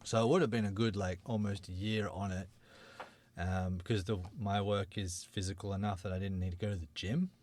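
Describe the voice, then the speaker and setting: A laid-back man chatting casually on a podcast, his voice sitting fairly low. He tells stories in a relaxed, jokey way. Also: brisk, a little hiss or hum. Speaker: podcast co-host. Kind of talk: casual chat.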